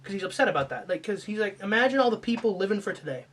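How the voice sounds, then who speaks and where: A man doing a comedic rant, swearing and shifting from mumbled asides to mock-angry yelling. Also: sits high, big pitch swings, racing.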